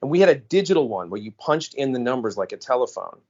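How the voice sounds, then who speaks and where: Podcast co-host, American man, lively storyteller, dull lo-fi sound. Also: medium pitch, fast. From United States. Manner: animated storyteller, acts out quoted voices. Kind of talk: casual storytelling chat. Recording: dull lo-fi audio.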